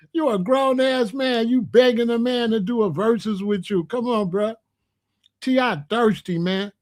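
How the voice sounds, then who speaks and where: A man giving opinionated commentary in a vlog, talking emphatically, repeating himself and using slang. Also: high voice. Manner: emphatic, repetitive, slangy, preachy. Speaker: rap commentator.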